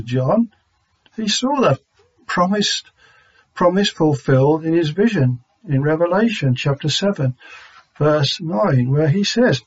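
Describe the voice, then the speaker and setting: A man teaching a sermon on Scripture in a measured, halting way with frequent pauses and fillers. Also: on the high side, slightly rough. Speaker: Bible teacher. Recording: dull lo-fi recording.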